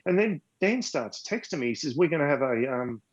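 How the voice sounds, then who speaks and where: A man's voice: fairly high pitch, sing-song, a little fast. An older Australian man telling a long story as a podcast guest, rambling and repeating words, sometimes emotional. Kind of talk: casual storytelling. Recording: dull lo-fi sound.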